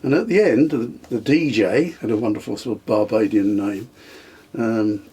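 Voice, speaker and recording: A man's voice: fairly low pitch, moderate pace, dark tone, husky. An older man reminiscing in a casual interview, hesitant with frequent ums and restarts, chuckling now and then. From England. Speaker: interviewee, the host's father.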